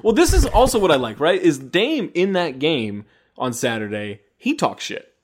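A man co-hosting a podcast, talking basketball in a loose, animated way, cursing casually and laughing often. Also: a little high, normal speed. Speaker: podcast co-host. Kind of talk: casual sports chat with banter.

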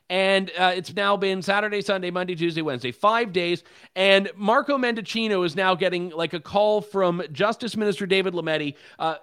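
Male pundit, high lively voice, sarcastic and animated delivery. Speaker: political commentator. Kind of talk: opinion commentary.

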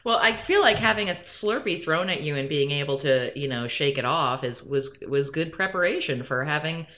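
A man's voice: fairly high pitch, expressive, moderate pace, sharp tone. A male interviewer asking questions and giving short, encouraging replies. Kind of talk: casual interview.

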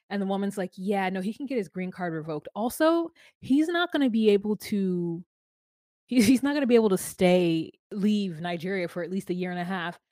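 A woman's voice: medium pitch, a little mellow, no echo, clean studio sound. A woman co-hosting a podcast, recapping a reality show in casual, joking chat. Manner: chatty, joking, sings silly made-up lyrics. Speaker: podcast co-host.

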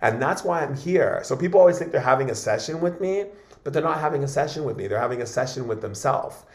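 A man, a guest in an interview, tells his stories in a loose, animated way, doubling back on words and starting phrases over. His voice sits at an ordinary middle pitch. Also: quick pace, echoey room. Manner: animated, repeats and restarts words often. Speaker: guest shaman. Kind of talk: casual interview storytelling.

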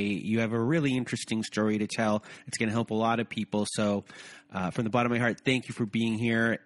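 A man's voice: on the low side, fairly bright tone, no room sound. A man hosting a podcast interview, chatty and stumbling over his words now and then. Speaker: podcast host.

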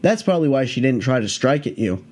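A man voicing a calm, easygoing male animal control worker, his voice pushed up high and unbothered. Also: fast. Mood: breezy. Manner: breezy and unbothered, raised pitch.

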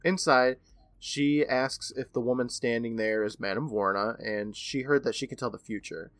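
A man's voice: medium pitch, normal speed, a bit bright, dry recording. A man in his thirties co-hosting a podcast, eagerly retelling an episode in casual chat and laughing often. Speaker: podcast co-host.

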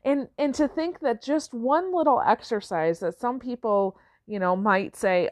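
A woman's voice: fairly high pitch, measured pace, darkish tone, no echo, clean studio sound. A woman who coaches business owners, talking in a reflective, conversational way, often asking "right?" and rephrasing as she goes. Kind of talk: reflective casual talk.

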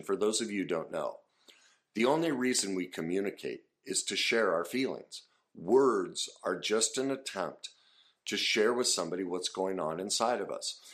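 A man's voice: sits low, fairly bright tone. A man giving an earnest, conversational lesson on listening, with casual fillers and restarts. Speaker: instructor teaching listening skills. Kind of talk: casual instructional talk to camera.

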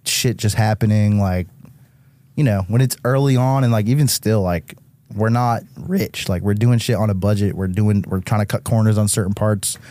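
A young man from Massachusetts tells tour stories on a podcast. He talks casually and with a lot of animation, peppering his speech with "like" and swearing. His voice sits low and mellow, and the recording is dry and close. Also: normal speed, no echo. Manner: animated, swears often, heavy use of "like". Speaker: guest musician.

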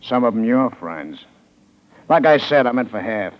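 An actor playing a cool, clipped rival gangster in a 1940s radio drama, on an old muffled recording. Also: male voice, medium pitch, animated, moderate pace, natural voice. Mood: menacing. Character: smooth menacing rival gangster, Carver.

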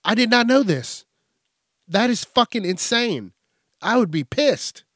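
A man's voice: high-pitched, lively intonation, a little slow, fairly bright tone, no echo, studio quality. A man hosting an angry, profane news commentary rant.

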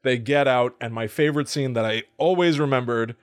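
A man's voice: mid-range voice, fairly quick. A man hosting a podcast, casually retelling a film plot with amused laughs. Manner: amused storytelling with frequent laughs. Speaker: podcast host.

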